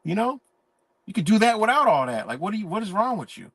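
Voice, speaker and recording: Man hosting a live stream, profane emphatic preachy rant, slightly high voice, dry sound. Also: sing-song, fast talker, fairly bright tone, no room sound.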